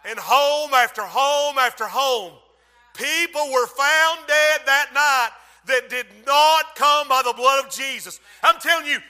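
A man preaching a sermon, telling the story dramatically and acting out voices, sometimes shouting. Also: very high-pitched, unhurried. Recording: long hall reverb.

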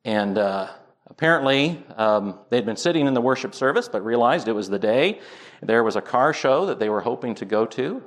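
A man's voice: mid-range voice, animated, normal speed. A man preaching a sermon as pastor, earnest, building to emphatic points.

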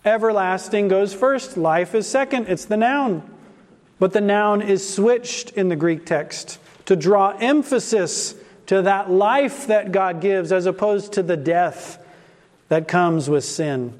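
A man's voice: high-pitched, slow, long reverb tail. A man preaching an expository sermon in a church, asking rhetorical questions and stressing key words.

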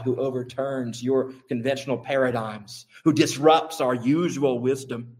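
A male pastor preaches a sermon in a mid-pitched, steady, unhurried voice. On key points his voice climbs sharply high, and he hammers home repeated phrases for emphasis.

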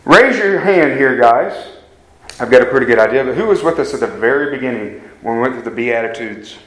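A man's voice: mid-range voice, animated, brisk. A man preaching a sermon, earnest and emphatic, putting direct questions to his congregation. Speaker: pastor. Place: church hall. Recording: echoey church room.

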